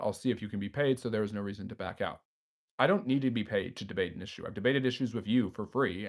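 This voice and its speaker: A man hosting a history live stream, reading viewers' chat messages aloud and answering them off the cuff with frequent fillers. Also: mid-range voice. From United States.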